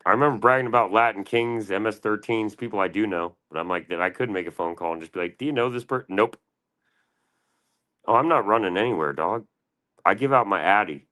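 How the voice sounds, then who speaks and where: A man's voice: on the low side, brisk, sharp tone. A man hosting a livestream, taunting and cursing at a rival in heated, profane banter. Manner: taunting, profane trash talk. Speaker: livestream host.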